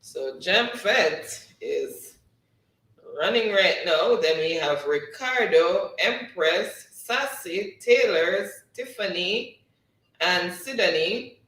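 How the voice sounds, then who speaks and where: Slow, chatty man in a roomy space. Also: sits high, lively intonation, bright, forceful tone, far from the mic. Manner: chatty, often breaks into laughter. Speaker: host of a live trivia stream. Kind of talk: casual live-stream chat, reading viewer comments aloud. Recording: roomy sound, voice set back from the mic.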